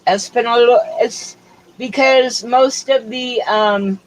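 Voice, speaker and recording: A woman's voice: a little high, steady tone, slow, low-quality recording. Rambling middle-aged woman streamer. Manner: rambling, chatty, drifts between topics with fillers. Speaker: livestream host. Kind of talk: casual chat.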